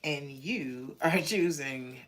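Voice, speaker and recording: A woman's voice: deep voice, slow. An American woman from Georgia doing a casual tarot reading, chatty and blunt, laughing often as she talks. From Georgia, USA. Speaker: tarot reader.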